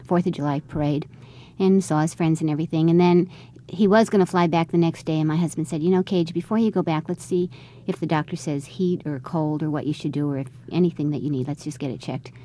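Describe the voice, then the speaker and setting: Middle-aged woman telling her story in an interview, low dark voice, talks quick, does everyone's lines as she goes. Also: fairly even intonation. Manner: conversational, re-enacts quoted dialogue. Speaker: interviewee, mother.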